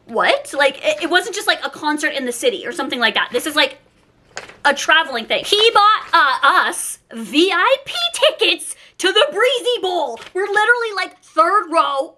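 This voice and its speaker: A woman's voice: high voice, pushed and bright, slight background noise. A young woman from Canada chatting in a casual birthday haul vlog, giddy and gushing, laughing often. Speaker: vlogger.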